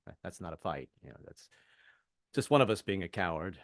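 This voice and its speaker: A man's voice: fairly low pitch, lively intonation, a little fast, no room sound, clean studio sound. An older man from the American South doing a rambling, self-deprecating stand-up set with frequent stammered restarts. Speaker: stand-up comedian.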